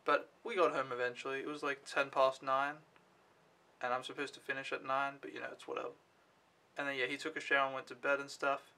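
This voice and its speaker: Bright-voiced young man vlogging casually. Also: mid-range voice, flat delivery, brisk, creaky. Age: young adult. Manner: rambling, offhand, swears freely. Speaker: au pair vlogger. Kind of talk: casual vlog storytelling.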